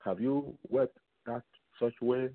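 A man teaching from the Bible on a radio program, slow and repetitive, putting rhetorical questions to his listeners. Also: mid-range voice, no echo. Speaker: radio preacher. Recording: tinny phone-line sound, dry.

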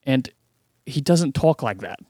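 A blunt, joking man of middle pitch chats on a podcast. His voice sits close and dry on the mic. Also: expressive, a little slow, mellow, dry recording. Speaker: podcast co-host. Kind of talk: casual chat.

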